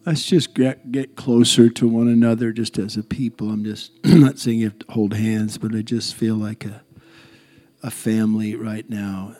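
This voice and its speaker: A man preaching a sermon to his congregation in a soft-spoken, reflective way. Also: lowish voice, flat delivery, normal speed. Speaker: pastor.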